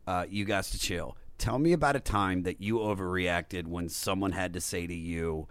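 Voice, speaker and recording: A man's voice: low voice, moderate pace, clear, resonant tone, dry recording. A man hosting a podcast, chatting casually and joking about an album. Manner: joking, playful. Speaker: podcast host. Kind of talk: casual chat.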